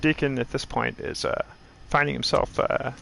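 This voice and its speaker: A man's voice: mid-range voice, steady tone, bright, forceful tone, slight background noise. A man doing a comic impression of an older male filmmaker who rambles with lots of "uh" fillers. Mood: rambling. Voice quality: gravelly, many drawn-out "uh" fillers.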